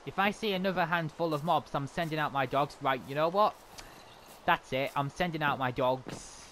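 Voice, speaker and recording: A man giving excitable, chatty commentary while playing a game. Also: a little high, normal speed, noisy background. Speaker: gamer. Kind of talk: casual gameplay commentary.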